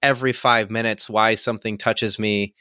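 Bright-voiced man on a casual podcast. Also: lowish voice, moderate pace, no room sound, studio quality. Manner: laughs often, emotional and animated. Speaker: podcast co-host. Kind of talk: casual chat.

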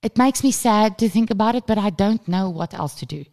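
A woman in her thirties co-hosting a casual parenting podcast, telling a story with lively acted-out moments and plenty of swearing. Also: mid-range voice, a little fast. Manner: animated storytelling, acts out screaming child, swears freely. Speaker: podcast co-host. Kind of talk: casual chat.

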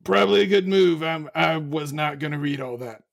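A joking, playful man at a tabletop game. his voice runs high with a gravelly, fry-heavy edge. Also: moderate pace. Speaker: player.

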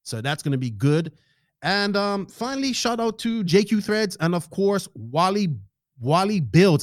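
A man hosting a casual podcast, joking, excitable and swearing freely while he thanks sponsors and chats with a guest over a remote call. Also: a little high, moderate pace, no room sound, clean studio sound. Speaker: podcast host. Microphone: podcast microphone, remote call.

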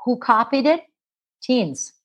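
A woman's voice: on the high side, big pitch swings, slow. A middle-aged woman, a parenting author, telling stories in an interview and acting out the voices of the people in them. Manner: acts out voices of children and parents in her stories. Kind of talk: animated storytelling interview.

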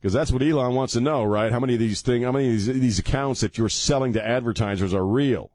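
A man's voice: mid-range voice, quick pace, darkish tone, no echo. A man in his fifties hosting a talk radio show, joking sarcastically and rambling, sounding tired. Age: 50s. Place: radio studio.

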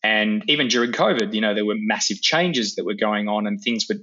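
A man's voice: fairly low pitch, a little fast, bright, forceful tone, lo-fi sound. A man, a leadership coach, talks earnestly as a podcast guest with frequent fillers and restarts. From Australia. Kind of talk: podcast interview.

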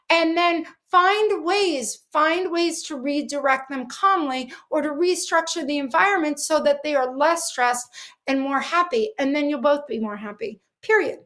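A woman's voice: sits high, a bit bright. A middle-aged woman dog trainer explaining things earnestly in an interview, with many fillers. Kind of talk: interview answers.

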